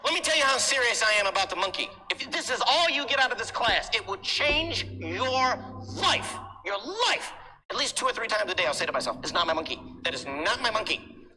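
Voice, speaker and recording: A man's voice: extremely high pitch, very animated, brisk. A man teaching a real estate class, telling a story in a dramatic, emphatic way. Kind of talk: animated storytelling lecture. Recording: echoey hall, noisy background.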